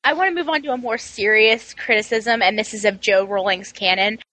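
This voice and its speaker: A woman co-hosting a casual chat, amused and quick to laugh. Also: mid-range voice, sharp tone, dry recording, low-quality recording. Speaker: podcast co-host.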